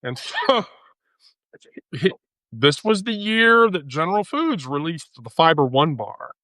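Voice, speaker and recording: A woman's voice: sits low, very animated, unhurried, a bit bright, dry recording. A woman hosting a livestream, telling a profane, laughing story in casual chat with frequent laughter. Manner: bawdy, profane, laughs through her story. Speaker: livestream host.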